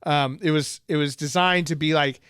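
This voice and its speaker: Lively, clear-voiced podcast host, male. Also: a little high, moderate pace, no echo, clean studio sound. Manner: laughs often, enthusiastic and chatty. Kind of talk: casual chat.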